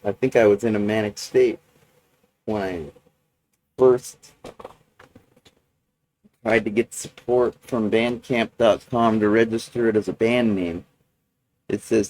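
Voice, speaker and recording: A man recording a personal video journal, talking in a halting, rambling way with many restarts and fillers. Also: fairly low pitch, fairly even intonation, a little mellow, rough recording.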